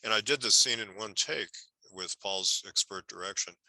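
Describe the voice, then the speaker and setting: A man's voice: on the low side, normal speed, pushed and bright, no room sound, low-quality recording. An older man, a film historian, telling rambling anecdotes with many restarts in a casual interview.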